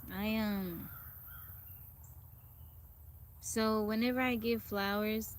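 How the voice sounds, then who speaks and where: A woman's voice: medium pitch, fairly even intonation, measured pace, slight background noise. A woman hosting a casual live stream outdoors in a forest, chatting with viewers and greeting them by name. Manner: chatty, greets viewers and reads out their comments. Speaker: livestream host.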